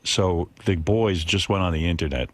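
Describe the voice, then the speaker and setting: Radio host, middle-aged man, low voice, dry studio sound, self-mocking storyteller. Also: moderate pace, no room sound. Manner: self-deprecating storytelling, profane, animated quotes. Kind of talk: casual talk radio chat. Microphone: studio broadcast mic.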